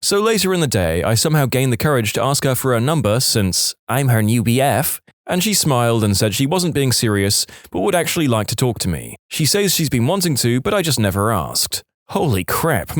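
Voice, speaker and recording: A man reading internet stories aloud in an expressive, playful storytelling manner. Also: mid-range voice, no echo, studio quality. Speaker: story narrator.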